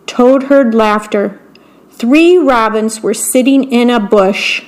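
A woman volunteer radio broadcaster reading a children's bedtime story in a clear, measured way. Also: a little high.

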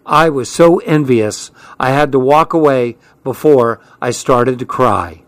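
A man reading a first-person story aloud in scripted narration, measured and unhurried. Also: medium pitch, no echo. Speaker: audiobook reader.

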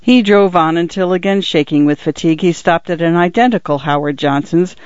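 A woman reading short stories aloud as the narrator of a reading service, measured and even. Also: fairly low pitch, no room sound. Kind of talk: scripted narration. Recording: dull, dry lo-fi recording.

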